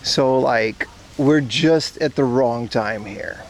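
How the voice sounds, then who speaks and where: A man's voice: medium pitch, takes it slowly, a little hiss or hum. A man from Aruba joking and swearing as he chats to viewers on a casual outdoor livestream. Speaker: streamer. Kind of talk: casual IRL livestream chat. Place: outdoors at a zoo park.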